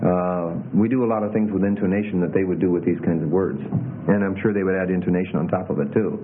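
Deep voiced guy teaching greek grammar, lots of uhs, tinny phone-like audio, bit of hiss. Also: fast talker. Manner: relaxed, hesitant, many fillers. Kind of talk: classroom lecture.

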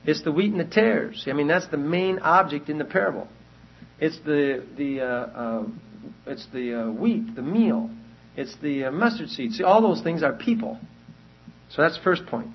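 A fairly high-voiced male Bible teacher with a husky edge to his voice. He lectures earnestly, hammering his main points through repetition and restarting phrases as he goes. The recording is dull and lo-fi. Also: moderate pace. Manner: earnest, repeats key points, many restarts.

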